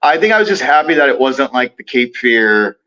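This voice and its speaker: A man's voice: mid-range voice, very animated, brisk, sharp tone, dull audio. A man as the guest in a casual film discussion, hesitant, with lots of fillers and trailing thoughts.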